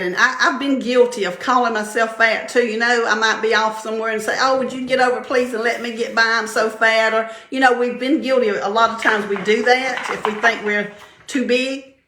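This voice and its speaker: Chatty older woman in a roomy room. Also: pushed and bright. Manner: chatty storyteller, laughs often, mimics others in a higher voice. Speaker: vlogger sharing faith-based encouragement. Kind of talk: casual devotional talk. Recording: roomy echo.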